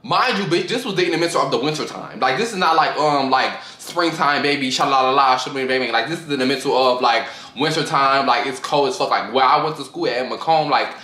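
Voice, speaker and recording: Young male vlogger, sassy and animated storyteller, bright voice, roomy echo. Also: medium pitch, brisk, few pauses. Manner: animated, profane, sassy, mimics friends' voices. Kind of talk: casual storytime rant.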